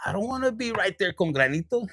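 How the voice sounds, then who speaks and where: A man's voice: sits high, sing-song, fast talker, fairly bright tone, no room sound. A young man, reading tarot in a casual livestream, talking candidly with profanity and jokes and slipping into Spanish words. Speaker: tarot reader.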